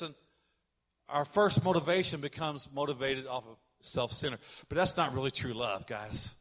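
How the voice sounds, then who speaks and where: A man preaching with a high, bright voice that swells as he drives his points home. He calls on the congregation to repeat lines back and draws out key words for emphasis. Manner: slows down to stress key words. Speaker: pastor. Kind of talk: sermon.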